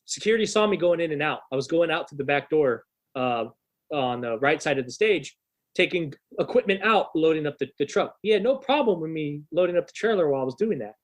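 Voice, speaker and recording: A man's voice: on the high side, animated, fairly quick. A young adult man, a guest on a podcast, telling a long profane anecdote in a casual, rambling way with lots of restarts. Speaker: podcast guest and rock musician.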